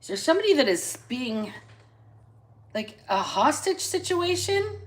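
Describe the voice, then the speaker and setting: A woman hosting a casual live-stream reading into a phone, chatty and salty, stretching out single words between quick asides. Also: high voice, big pitch swings. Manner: chatty, drawls single words then talks fast. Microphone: phone camera.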